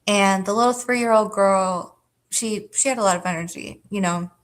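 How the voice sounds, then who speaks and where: This livestream host is a woman with a mid-range voice and a moderate pace. She rambles through a personal story for her chat, swearing casually, using many fillers and laughing often.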